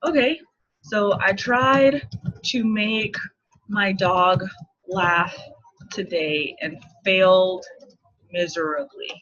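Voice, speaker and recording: A marketing coach in her thirties teaches casually and playfully, laughing often, in a mid-range, slightly bright voice with fairly even intonation. She takes it slowly with long pauses, and the recording is dull and lo-fi.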